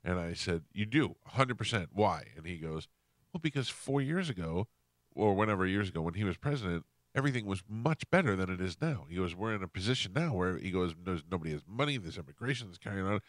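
A man hosting a radio show, telling a story in a casual, animated way and acting out what people said. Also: sits low, quick pace, hardly any pauses, no echo, studio quality. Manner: animated, acts out quotes in shifting voices. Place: radio studio. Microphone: studio microphone.

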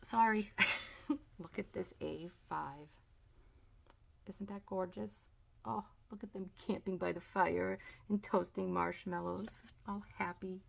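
A woman's voice: medium pitch, vocal fry. A woman chatting casually through a sticker haul unboxing, gushing and talkative, with frequent "like" and "oh". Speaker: planner and sticker vlogger.

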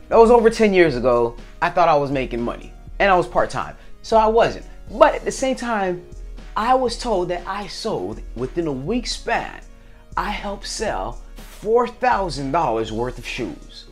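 Animated man talking to camera. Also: sits high, unhurried, soft background music. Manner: animated, acts out little scenes with different voices. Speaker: vlogger. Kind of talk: casual talk to camera.

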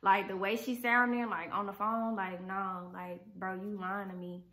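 A woman's voice: medium pitch, level tone, normal speed, background noise, pitched below the performer's own voice, lightly acted. A woman voicing a defensive, suspicious young man who accuses his friend in muttered slang. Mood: accusing.

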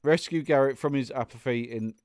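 A young man talks his way through a video game on a close microphone, the sound dry with no room around it. His voice sits at a middle pitch, and he swings between muttering to himself and exasperated outbursts at the game. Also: a little fast, darkish tone, dry recording. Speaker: gaming YouTuber. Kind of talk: let's play commentary.

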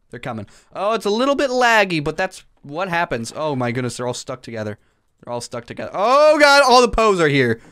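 A young man giving excitable commentary on a sandbox game, panicking and shouting as things go wrong. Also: fairly high pitch, no echo. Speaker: gaming YouTuber.

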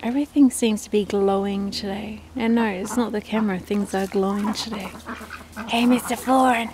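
Chatting affectionately while she films her duck flock outdoors in her backyard, an Australian woman speaks fairly quickly in a mid-range voice with fairly even intonation. Faint outdoor background noise is present.

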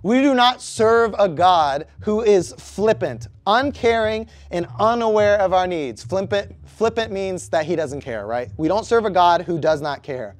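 A man's voice: high voice, animated, unhurried, hardly any pauses, dry recording. A young man preaching to a youth group, conversational and asking the room questions. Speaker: youth pastor. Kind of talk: youth sermon.

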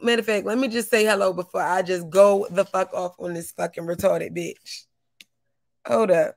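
A woman hosting a livestream, greeting her chat by name and ranting loudly with lots of profanity and laughter. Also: on the low side, fairly even intonation, normal speed, dry recording, clean studio sound. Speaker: livestream host.

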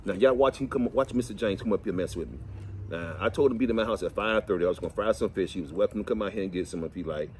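A middle-aged man, chatting and telling folksy, animated stories to the camera outdoors while cleaning fish. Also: lowish voice, rapid-fire, slight background noise. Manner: folksy, animated, preachy asides. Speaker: vlog host. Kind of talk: casual storytelling chat.

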